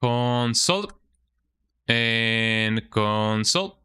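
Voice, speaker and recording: A man's voice: mid-range voice, animated, extremely slow, sharp tone, smooth. A man streaming a game, chatting casually and muttering to himself as he reads setup steps aloud, often ending lines with "eh?". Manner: chatty, tags sentences with "eh?", mutters while reading instructions aloud. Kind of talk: casual live-stream chat.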